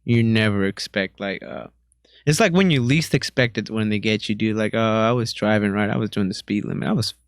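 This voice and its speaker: A man's voice: on the low side, fairly quick, slight background noise. A young man, a podcast guest, telling rambling, slangy stories in a laid-back way. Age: young adult. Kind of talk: casual storytelling.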